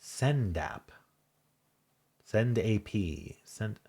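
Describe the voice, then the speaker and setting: A man talks himself through a crossword in halting, muttered self-talk, often trailing into half-voiced asides. His voice sits low and a little husky. He speaks slowly and unhurriedly. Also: animated, a little mellow. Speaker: crossword solving channel host. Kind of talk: thinking aloud while solving a puzzle.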